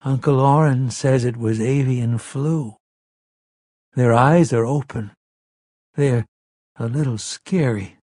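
A man's voice: medium pitch, takes it slowly, long pauses, warm tone, no echo, studio quality, voice pushed up. A man voicing a hypnotized grown man who talks like a frightened seven-year-old, raised and small. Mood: frightened child. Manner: dazed, then small, trembling and childlike. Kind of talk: audiobook character voice.

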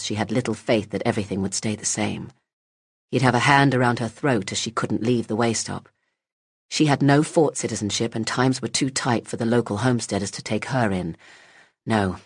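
Very deep-voiced husky woman narrator. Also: no echo, studio quality. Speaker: audiobook narrator. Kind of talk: scripted fantasy narration.

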